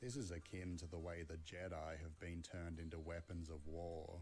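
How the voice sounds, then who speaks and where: A man reading a scripted video essay in a measured, analytical way. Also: sits low, steady tone, a little mellow, faint music behind. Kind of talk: scripted narration.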